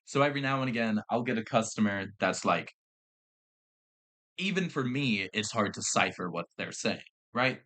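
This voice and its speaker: Brief: young male podcast host, bright forceful tone, rambling and profane. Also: on the low side, expressive, moderate pace. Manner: rambling, swears freely, frequent fillers. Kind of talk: casual storytelling chat.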